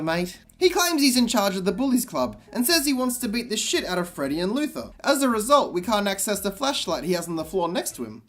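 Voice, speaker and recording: A man giving sarcastic, comedic commentary on a game, with exasperated and deadpan asides. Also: high voice.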